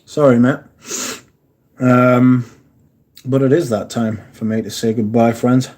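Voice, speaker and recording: A man's voice: mid-range voice, steady tone, slow pace, darkish tone. A man, hosting a casual livestream, chatting and swearing freely while answering viewers. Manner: sweary, chatty, reads viewer comments aloud. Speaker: livestream host.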